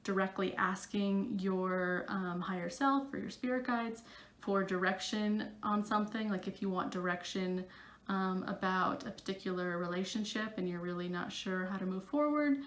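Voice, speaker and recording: A woman's voice: medium pitch, moderate pace, roomy sound. A woman psychic coach talking casually to her camera, chatty and full of fillers.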